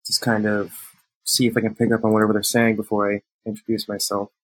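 A man playing in a tabletop game, talking in a hesitant, soft-spoken way with many fillers. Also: on the low side, completely flat delivery, fast, no room sound, poor audio. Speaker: player.

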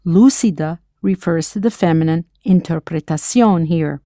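A patient, encouraging American woman leads a scripted audio language lesson, prompting the listener to answer. Her voice sits at a middle pitch. The sound is close and dry, with no room around it. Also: normal speed, warm tone, no room sound. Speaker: language teacher.

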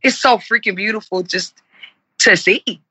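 A woman's voice: medium pitch, measured pace, sharp tone, husky, no echo, low-quality recording. A woman in her forties, speaking earnestly and with passion in an interview and repeating herself for emphasis. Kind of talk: heartfelt conversational interview.

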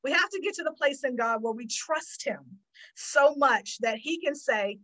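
Female Christian teacher, slightly high pitch, animated sermon delivery. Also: moderate pace, poor audio. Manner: animated, acts out her own prayers and God's replies.

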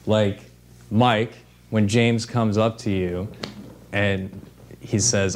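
A man's voice: lowish voice, level tone, a little slow, a little hiss or hum. A man preaching an informal sermon in a conversational way, with fillers and restarts.

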